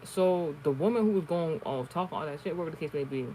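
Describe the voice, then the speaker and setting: Man, higher-pitched, casual, profane, rambling, frequent restarts. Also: quick pace, warm tone, a little hiss or hum, low-quality recording. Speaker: online streamer. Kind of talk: casual storytelling and card reading.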